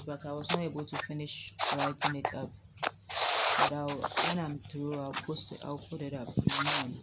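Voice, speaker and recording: Woman prayer leader, low and unhurried, reverent amens, noisy background. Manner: slow, reverent, with frequent amens and hallelujahs. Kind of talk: informal sermon and Bible reading.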